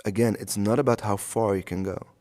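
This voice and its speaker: A man teaching a slow yoga class, guiding the poses and the breath in a calm, soothing way with long pauses. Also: lowish voice. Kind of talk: guided yoga instruction.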